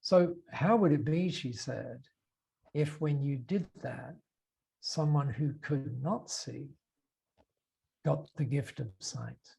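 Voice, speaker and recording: A man's voice: on the high side, takes it slowly, vocal fry, long pauses, dark tone, husky. A man with an Australian accent, a podcast guest recounting an anecdote, with many fillers and acted-out dialogue. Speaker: interview guest. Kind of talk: storytelling in a podcast interview.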